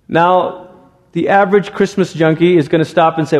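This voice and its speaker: A man delivers a sermon in a relaxed, conversational way, often restarting his sentences. His voice sits a little higher than most men's. The long reverb of a church sanctuary trails after every phrase. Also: a little fast. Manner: conversational, with frequent restarts and stumbles. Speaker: pastor.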